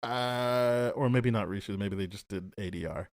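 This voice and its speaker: Low-voiced man co-hosting a podcast. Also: moderate pace, no room sound, clean studio sound. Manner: animated, acts out quoted lines, chuckles often. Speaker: podcast co-host. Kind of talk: casual film review chat.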